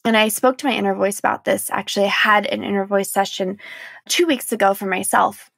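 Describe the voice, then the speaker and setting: Vocal-fry woman hosting a reflective podcast. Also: medium pitch, fairly even intonation, brisk, no echo. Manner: emotional, candid, frequent "like" and soft laughs. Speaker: podcast host. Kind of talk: reflective solo podcast monologue.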